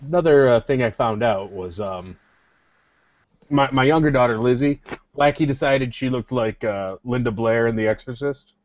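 Halting middle-aged man telling anecdotes. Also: mid-range voice. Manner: halting, restarts often, then tells family anecdotes. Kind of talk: casual chat. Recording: dull lo-fi podcast audio.

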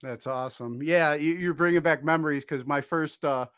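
A man hosting a casual interview, relaxed and agreeable. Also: on the high side, normal speed, no echo, studio quality. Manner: relaxed, agreeable, short reactions. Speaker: host.

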